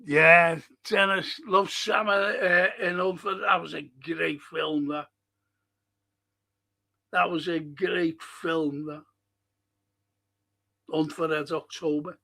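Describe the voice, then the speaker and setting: A high-pitched man chats his way through a live-streamed local history show. He talks slowly and rambles, reads out viewers' comments, and swears freely along the way. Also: steady tone, creaky, pushed and bright.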